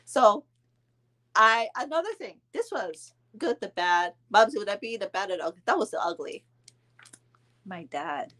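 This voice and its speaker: A woman in her thirties casually telling a vacation story to her viewers, chatting along with their comments and filling pauses with "um". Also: medium pitch, expressive, pushed and bright. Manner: chatty, answers viewer comments, frequent ums and laughs. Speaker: vlog host telling a story to live viewers.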